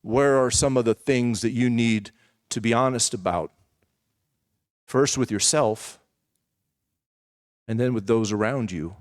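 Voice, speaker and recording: A man's voice: mid-range voice, measured pace, long pauses, no room sound, clean studio sound. A man preaching a sermon as a personal testimony, telling his story candidly and conversationally with asides to the congregation. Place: church.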